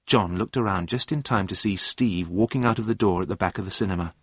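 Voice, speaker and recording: A man narrating a story in a calm, plain, measured reading voice. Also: low voice, breathy edge, no echo, clean studio sound.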